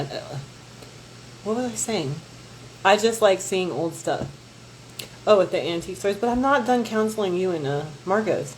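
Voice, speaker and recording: A woman's voice: lowish voice, a little hiss or hum. A woman chatting casually with her viewers on a livestream, rambling and swearing freely as she gossips and answers the chat. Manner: reacts to chat messages. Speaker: livestream host.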